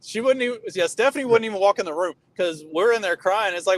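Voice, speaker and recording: A middle-aged man on a podcast, telling stories in casual chat, animated and swearing freely. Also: high-pitched, quick pace, hardly any pauses, no echo, low-quality recording. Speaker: podcast co-host.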